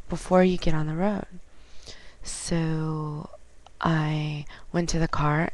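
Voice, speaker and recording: A woman vlogging at home on a webcam, chatting casually and retelling conversations with lively quoted dialogue. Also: sits low. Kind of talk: casual storytelling.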